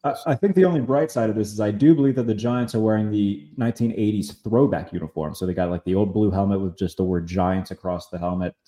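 A man hosting a casual sports talk podcast, chatty, full of fillers and quick asides. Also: on the low side, dark tone, roomy sound. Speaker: podcast host.

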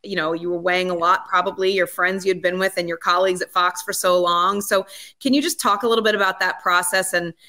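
A woman hosts a casual podcast interview. Her voice is bright and a little tense, and she shapes her friendly questions haltingly as she goes. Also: fairly low pitch, steady tone. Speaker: podcast host.

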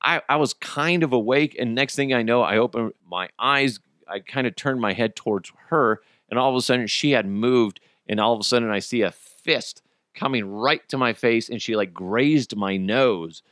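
A man's voice: normal speed, no echo, clean studio sound. A man hosting a casual solo podcast, ranting about movie theaters, swearing and laughing at his own stories. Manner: animated, swearing, laughing at his own stories, acts out bystanders in high voices. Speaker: podcast host.

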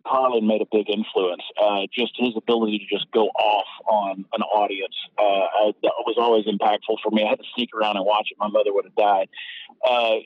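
A man's voice: lowish voice, no echo. Man, Georgia Southern accent, rambling storyteller, guest comic, dry close sound, slightly dull lo-fi audio. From Georgia, USA. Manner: rambling storyteller, self-deprecating. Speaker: guest comedian. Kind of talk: casual interview chat.

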